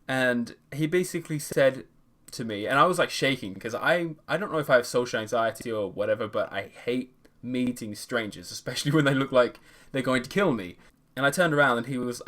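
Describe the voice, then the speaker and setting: A man's voice: mid-range voice, fairly bright tone. A man who tells a personal story in a casual vlog, hesitant and full of self-corrections, with self-deprecating humour. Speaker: vlogger.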